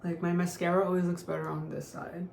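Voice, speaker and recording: Talking fairly quickly in a lowish, level voice that's creaky and a little mellow, a young woman does a casual makeup tutorial as a beauty vlogger. She's chatty and offhand with constant "like" fillers, and the room sounds echoey with a faint hiss.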